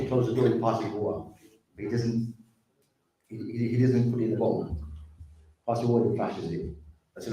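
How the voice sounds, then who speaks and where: A man with a medium-pitched, dark voice and fairly even intonation speaks briskly yet leaves long pauses. In his earnest community talk about drug addiction he repeats himself and calls people brothers and sisters. A distant mic records him in a very echoey hall.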